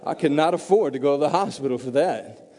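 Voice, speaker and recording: A man preaching a sermon to a congregation, swinging from hushed asides to loud, emphatic build-ups. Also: fairly high pitch, a little fast, some chatter behind. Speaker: pastor. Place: church sanctuary. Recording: long reverb of a large hall.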